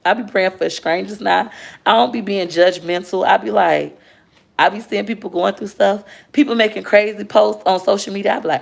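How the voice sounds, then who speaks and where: A woman in her thirties talks heartfeltly to viewers during a casual livestream, reading out what they comment. Her voice is on the low side with vocal fry, and she speaks at a normal speed.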